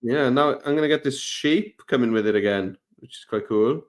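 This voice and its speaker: A man co-presenting a live software lesson, demonstrating steps in a relaxed, teasing way. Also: mid-range voice, normal speed.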